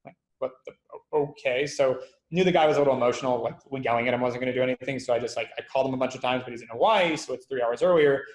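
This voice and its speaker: A man, a company founder, being interviewed and telling stories in a lively way, acting out quoted dialogue. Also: mid-range voice, echoey room. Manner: fast, animated, acts out quoted dialogue. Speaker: guest, company founder and CEO. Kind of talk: conversational interview storytelling.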